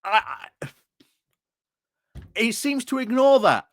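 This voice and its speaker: A man reacts to a clip with indignant commentary, firing off rhetorical questions and tripping over his words. His voice is slow and deliberate, recorded dry and close with no room sound. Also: extremely high pitch, sing-song, a bit bright, no echo. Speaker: political commentary YouTuber.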